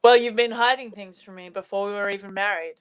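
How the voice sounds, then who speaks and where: A woman's voice: mid-range voice, steady tone, quick pace, clean tone, lightly acted. A woman playing a brash, bossy survivalist in an improvised comedy show, teasing and giving orders.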